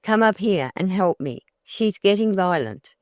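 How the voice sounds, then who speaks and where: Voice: mid-range voice, animated, measured pace, a little mellow, dry recording, studio quality, pitched above the performer's own voice, close to an everyday voice. A narrator voicing a sly folksy old countrywoman. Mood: coaxing. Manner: folksy rural speech.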